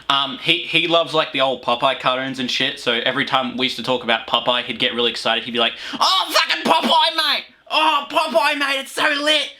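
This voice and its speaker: A young Australian man hosts a comedy video review with a very bright, forceful voice. He talks crudely and jokes constantly, filling his rambling with ums. His pitch sits at an everyday middle level. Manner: crude, joking, rambling with fillers. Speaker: host.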